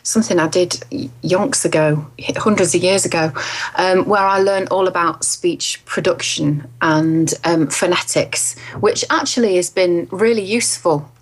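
A woman's voice: on the low side, measured pace. A woman from England working as a voice artist, talking in an interview in a chatty way and laughing easily. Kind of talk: interview conversation.

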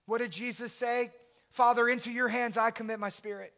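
Bright-voiced impassioned male preacher. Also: very high voice, steady tone, fairly quick. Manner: impassioned preaching, rising to shouts. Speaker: pastor. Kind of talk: sermon.

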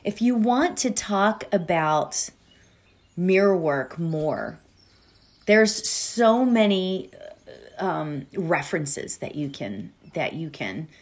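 This middle-aged podcast host speaks slowly in a very animated voice on the low side. Her casual, warm-hearted chatter is packed with fillers and asides, leading up to a guided meditation.

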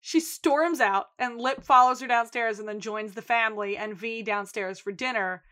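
A woman co-hosting a podcast recaps an episode in casual chat, telling the story with animation and acting out the quotes. Her voice is fairly high-pitched and moves at a moderate pace.

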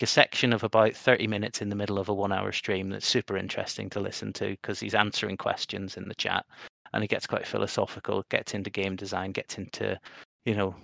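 A man's voice: lowish voice, gravelly, fairly bright tone, no room sound. A man co-hosting a casual gaming podcast, rambling and often repeating words as he restarts his sentences. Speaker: podcast co-host.

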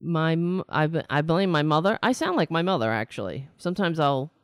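A middle-aged woman hosting a political talk stream, rambling candidly with restarts and wry asides, her voice slightly raspy. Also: low-pitched, expressive, a little fast, no echo, studio quality. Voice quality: raspy, nasal-edged voice she calls a rake on a chalkboard. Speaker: political talk show host. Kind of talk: casual live-stream monologue.

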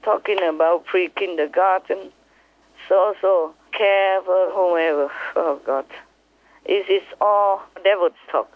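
Over a tinny telephone line, a woman spiritual teacher talks to her disciples in a fairly low voice, taking her time. She speaks with passion and emphasis, driving her points home by repeating them.

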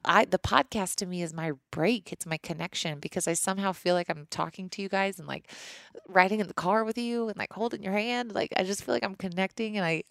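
A woman's voice: mid-range voice, a little fast, gravelly, a bit bright, no room sound, clean studio sound. A woman in her thirties hosting a podcast, chatting candidly and rambling through listener questions with many restarts. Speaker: podcast host. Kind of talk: casual chat answering listener questions.

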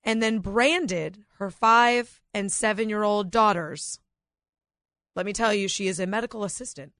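A woman's voice: medium pitch, a little slow, a bit bright, no room sound, studio quality. A woman co-hosting a casual talk radio show, bantering and laughing often as she reads stories and reacts to callers. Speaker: radio co-host.

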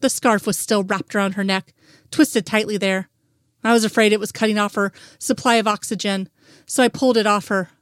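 A woman's voice: medium pitch, fairly even intonation, brisk, no echo, studio quality. A woman reading a fanfic aloud in first-person narration, with an earnest, emotional delivery.

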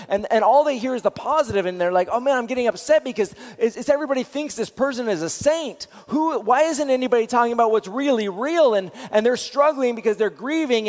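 A man's voice: high voice, big-room sound. A man teaching in a sermon style, earnest, repeating phrases and often restarting his sentences.

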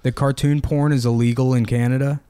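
A man's voice: mid-range voice, flat delivery, fairly quick, warm tone, clear, resonant tone, no room sound. A man co-hosting a podcast, trading crude jokes in casual banter and rambling between laughs. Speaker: podcast co-host.

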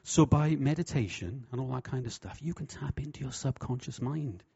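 A man preaching a sermon with humour, lively and jokey, slipping into voices for quotes. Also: medium pitch, normal speed, gravelly, husky. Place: church hall. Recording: dull, lo-fi sound.

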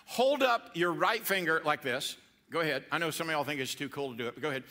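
A man's voice: fairly high pitch, lively intonation, fast talker, sharp tone. A middle-aged man preaching a playful, interactive sermon to a church congregation and coaxing them to answer back. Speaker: pastor.

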